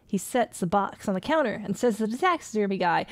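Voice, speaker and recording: A woman's voice: mid-range voice, expressive, quick pace, hardly any pauses, no room sound. A woman streaming a game, reading jokes and emails aloud with frequent giggles and playful voices. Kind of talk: casual let's play commentary, reading in-game emails aloud.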